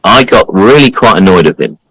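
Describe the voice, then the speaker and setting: A man's voice: sits low, animated, brisk, a bit bright, breathy edge, dry recording, rough recording. A man co-hosting a podcast, telling a story in a casual, emphatic way and acting out the people he quotes. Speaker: podcast co-host.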